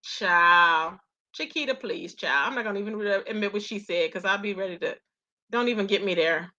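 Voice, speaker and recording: A woman's voice: mid-range voice, moderate pace, pushed and bright, muffled recording. A woman hosting her own channel, chatting casually and laughing often as she recaps online gossip. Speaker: commentary channel host.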